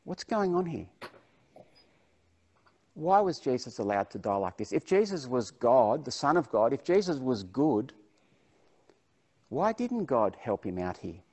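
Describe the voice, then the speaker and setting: A man preaching to his congregation, reading passages aloud and then unpacking them. His voice sits at a medium pitch. He reads with plain emphasis and explains in an everyday spoken manner. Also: very animated, normal speed, a little mellow. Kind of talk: sermon with Bible reading.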